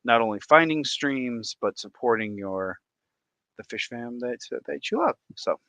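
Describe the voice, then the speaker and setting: A man hosting a casual livestream, excitedly reacting aloud to viewer comments. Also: medium pitch, measured pace, dry recording. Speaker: livestream host.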